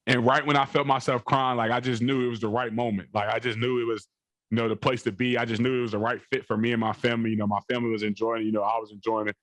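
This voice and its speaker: A man's voice: medium pitch, little pitch movement, quick pace, fairly bright tone, no echo. A young adult man, a college football player, telling a long rambling story in an interview, repeating phrases and leaning on fillers.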